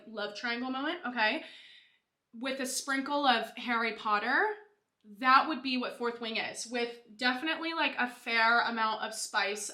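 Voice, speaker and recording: Bubbly young woman with a bright voice. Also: on the high side, echoey room. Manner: bubbly, gushing, lots of "like" and "you guys". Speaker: beauty vlogger. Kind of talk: casual chat while doing makeup.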